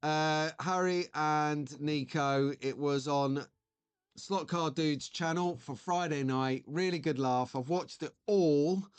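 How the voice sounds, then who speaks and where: A chatty man hosting a live stream, joking along with his viewers as he goes. His voice sits a little high. It is recorded close and dry, with no room sound. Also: slow, clear, resonant tone, no echo. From United Kingdom. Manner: chatty, jokey, reads out viewer comments. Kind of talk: casual live stream chat.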